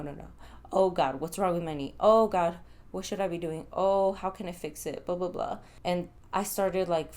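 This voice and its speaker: Woman, young adult, storytime vlog, casual, animated, swears, lowish voice. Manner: animated, laughs while telling, swears casually. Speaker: vlogger.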